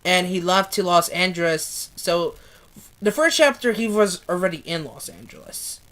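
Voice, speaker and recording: A woman's voice: on the low side, lively intonation, normal speed, a bit bright. A young woman reading a novel aloud, emotional and often swearing as she reacts. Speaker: book reader.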